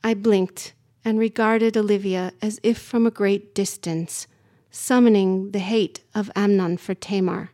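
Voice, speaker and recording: A woman narrating a literary story in the first person, calm and measured. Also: mid-range voice.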